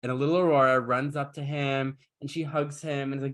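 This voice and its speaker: A man's voice: medium pitch, flat delivery, brisk, a bit bright. Man retelling a fairytale with jokes. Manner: irreverent, joking. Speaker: podcast host. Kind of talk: casual chat, comic retelling.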